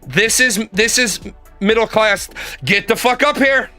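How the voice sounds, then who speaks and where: A harsh, demanding parent barks clipped threats in a high, sharp voice, as a man puts on the part. The tone is forceful and bright, with a stern, scolding bite. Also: measured pace, soft background music.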